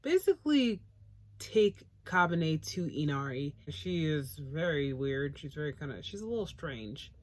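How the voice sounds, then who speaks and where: A woman's voice: deep voice, very animated, unhurried, no room sound. A woman chatting casually about an anime episode, rambling and blunt, swearing freely. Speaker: anime reviewer, co-host. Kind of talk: casual chat.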